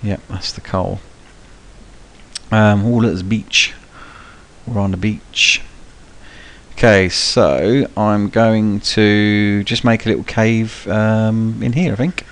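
A young man talks viewers through a game in a low, easygoing voice. His live commentary rambles, full of ums and restarts, with cheeky swearing thrown in. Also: fairly even intonation, takes it slowly. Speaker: gaming channel host. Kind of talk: live gameplay tutorial commentary.

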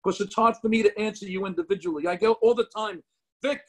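Man, New Jersey accent, middle-aged, husky, blunt, profane, video call. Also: sits high, fairly even intonation, quick pace. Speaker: comedian guest. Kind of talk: casual interview chat.

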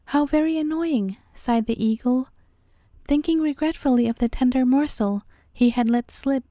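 A woman reads a fairy tale aloud as a bedtime story, gentle and even in her delivery. Her voice is high and warm-toned, and it sounds close and dry with no room around it. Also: normal speed, dry recording.

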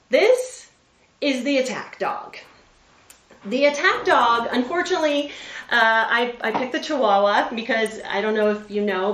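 A woman in her forties, a veterinarian, giving an animated motivational presentation and often checking in with her listeners. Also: on the high side. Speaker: veterinarian and public speaker. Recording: roomy sound from a distant mic.

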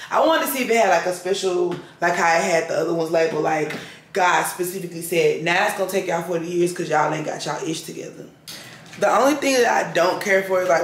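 Woman vlogger, gravelly and chatty, recorded in an echoey room. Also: on the low side, slight background noise. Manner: chatty, drawling asides, laughs to herself. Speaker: lifestyle vlogger. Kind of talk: casual chat while reading scripture aloud. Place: at home, indoors. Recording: roomy echo.

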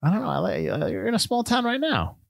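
A man's voice: high-pitched, huge pitch swings, quick pace, creaky, no room sound, clean studio sound. A man co-hosting a casual film podcast, easygoing and agreeable, asking questions and often restarting his sentences. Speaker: podcast co-host.

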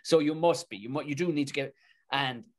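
A man with a Tipperary Irish accent, a comedian and actor, telling stories as a podcast guest in a lively, colloquial way full of swearing. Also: fairly high pitch, fairly quick. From Tipperary, Ireland. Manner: animated, swears freely, colloquial. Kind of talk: casual storytelling in a podcast interview.

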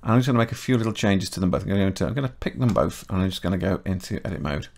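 A middle-aged man with a chatty, self-correcting manner, talking through a software modelling tutorial step by step. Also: low voice, expressive, rapid-fire, creaky. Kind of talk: casual screen-recorded software tutorial.

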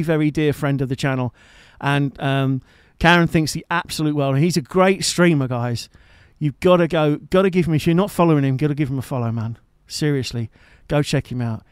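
A chatty man hosts his live stream in a joking, affectionate way, full of teasing asides. His voice sits high for a man and sounds smooth and clear. The sound is close and dry, from a home studio mic. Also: moderate pace, no echo. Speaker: live-streaming guitarist and host. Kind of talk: casual chat to a live stream audience.

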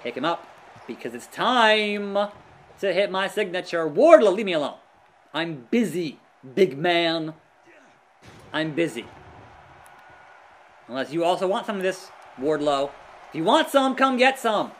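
Male let's-player, high and lively, unhurried between outbursts, reacting loudly to play. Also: slight background noise. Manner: excitable, groans and yells at the action. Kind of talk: live gameplay commentary.

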